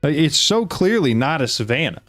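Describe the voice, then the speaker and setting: A man hosting a casual card-opening video, chatting excitedly to viewers and reading card text aloud. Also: on the high side, normal speed, no room sound, studio quality, faint music behind.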